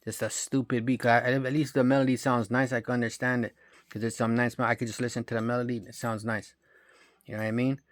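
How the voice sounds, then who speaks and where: A man's voice: medium pitch, little pitch movement, fast, no room sound. A man from Romania ranting in a rambling, profane monologue, tossing in bro and dog all the time. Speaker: vlogger.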